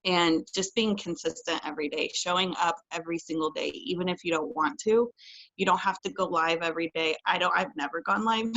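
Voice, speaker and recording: A woman's voice: lowish voice, a bit bright, lo-fi sound. A woman giving earnest, repetitive tips on a team call. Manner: earnest, repetitive, faith-driven. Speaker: direct sales team member.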